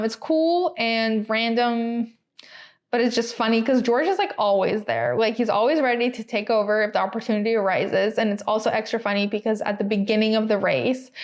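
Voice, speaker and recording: Chatty giggly young woman, slightly high. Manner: chatty, giggly, lots of "like" fillers. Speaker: podcast co-host. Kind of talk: casual chat.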